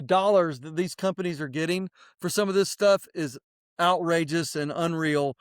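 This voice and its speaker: A man co-hosting a podcast, giving animated, plain-spoken advice in casual chat with some mild swearing. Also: high-pitched, clean tone, no room sound, studio quality. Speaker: podcast co-host.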